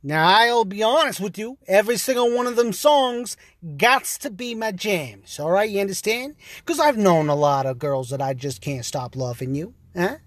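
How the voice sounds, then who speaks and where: A man's voice: high-pitched, animated, moderate pace, fairly bright tone, dry recording, clean studio sound. A man ranting on a podcast in a brash, heated and profane way, full of streetwise slang. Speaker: guest taking over a podcast. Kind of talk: casual profane rant.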